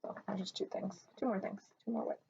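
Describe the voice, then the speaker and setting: Speaking fairly quickly in a warm, steady, mid-range voice, a woman vlogger rambles at home about her stitching, full of fillers and restarts. It's a casual show-and-tell chat, captured in dull lo-fi audio with faint noise behind her.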